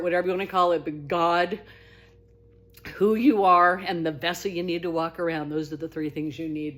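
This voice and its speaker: In a casual, talkative monologue, a woman shares her own spiritual story. She is earnest and expressive, restarting her sentences often, and her voice climbs high whenever she gets excited.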